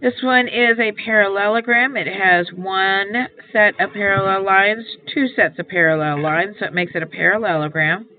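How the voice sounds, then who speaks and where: This is a homework walkthrough lesson from a woman who teaches math. Her pitch is medium and her speed normal, with few pauses, and she patiently explains each step while restating the key ideas. There's a faint hiss and a tinny, phone-like quality to the sound.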